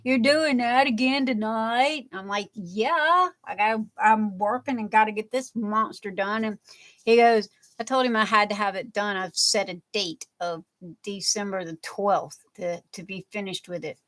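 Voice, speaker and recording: This crafting livestream host has a mid-range, fairly bright voice at normal speed. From home, she keeps up a casual live chat, reading viewers' comments, joking with them, and laughing often.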